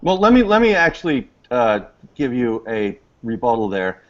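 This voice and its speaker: A man offering a measured rebuttal in a political panel, pausing with ums along the way. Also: mid-range voice, very animated, dull audio. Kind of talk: political discussion.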